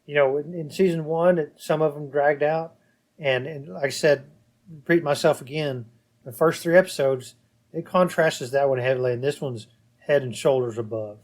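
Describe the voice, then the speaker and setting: A young man co-hosting a casual podcast chat, stumbling over repeated words and growing animated as he retells his reactions. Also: fairly high pitch, moderate pace. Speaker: podcast co-host.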